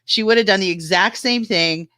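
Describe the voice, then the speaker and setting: A woman's voice: medium pitch, moderate pace, a bit bright. A woman co-hosting a casual live-stream chat, laughing a lot as she tells stories and swearing freely. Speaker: panel co-host.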